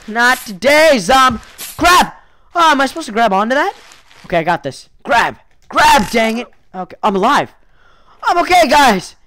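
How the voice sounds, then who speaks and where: A woman narrating her own gameplay in a let's play, excitable, with yelps and whoops, and losing her voice. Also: fairly high pitch. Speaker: gaming YouTuber.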